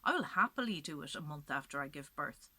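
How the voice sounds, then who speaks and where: A woman storyteller voicing a heavily pregnant magical woman who pleads for mercy and curses slowly. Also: deep voice, animated, no echo, heavily acted. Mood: pleading. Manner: pleading, then cursing in a slow, hushed voice.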